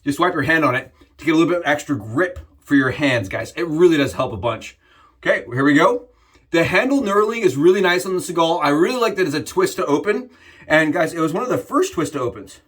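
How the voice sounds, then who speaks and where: A man's voice: fairly high pitch, lively intonation, brisk, fairly bright tone, slightly rough. A young man talking casually to his viewers while he shaves, chatty and repeatedly addressing them as guys. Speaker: shaving vlogger. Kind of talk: casual talk to camera while shaving.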